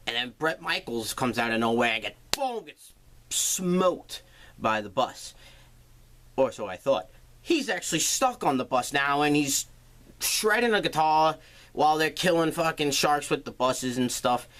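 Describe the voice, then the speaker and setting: A man's voice: mid-range voice, a bit bright. A man recapping a film's plot in a casual, sarcastic way, swearing freely as he goes. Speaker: movie reviewer.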